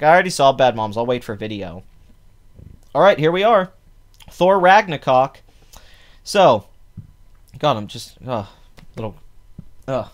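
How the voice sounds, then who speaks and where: Guy talking box office numbers, opinionated, rambly, lots of ums and restarts, mid pitch. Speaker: podcast host. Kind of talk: casual box office commentary.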